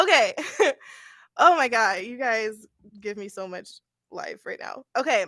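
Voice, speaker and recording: A woman's voice: fairly high pitch, unhurried, a bit bright, dry recording, studio quality. A young woman giving a casual live-stream tarot reading, blunt and laughing often, with occasional swearing. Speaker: tarot reader.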